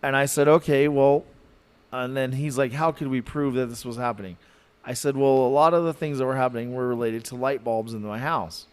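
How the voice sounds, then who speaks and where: A man telling a podcast story in an animated, rambling way, full of fillers and likes. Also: medium pitch, a little fast, smooth. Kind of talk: casual storytelling.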